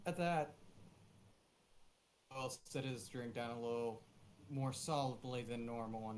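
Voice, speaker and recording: Calm man on a faintly noisy line. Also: mid-range voice, a little slow, long pauses. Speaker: player. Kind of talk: tabletop role-play.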